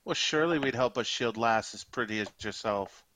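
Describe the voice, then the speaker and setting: A man voicing a flirty, boastful orc blacksmith in a put-on Scottish accent, smooth-talking and rambling. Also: mid-range voice, fairly quick, sharp tone, voice pushed down, close to an everyday voice. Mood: flattering.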